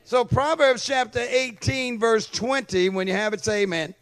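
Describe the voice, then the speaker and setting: A male pastor with an extremely high-pitched, clear, resonant voice preaches at normal speed, his intonation fairly even and his tone fairly bright. He calls out for amens and checks that his congregation follows.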